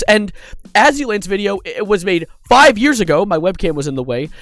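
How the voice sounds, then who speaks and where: A man's voice: sits high, lively intonation, a little fast, a bit bright, no echo. A man doing a commentary video, sarcastic and exasperated, swearing casually as he breaks down online drama. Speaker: YouTube commentator.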